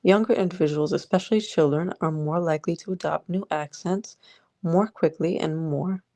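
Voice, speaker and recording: Lady vlogger ranting, sarcastic and fed up, dark lowish voice. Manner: sarcastic, exasperated, talks to the viewer. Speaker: political vlogger. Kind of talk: ranting political commentary.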